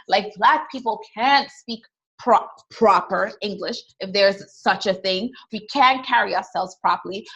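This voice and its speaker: A woman's voice: mid-range voice, a bit bright, breathy edge, muffled recording. Trinidadian woman, candid and emphatic. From Trinidad and Tobago. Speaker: podcast co-host. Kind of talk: casual chat.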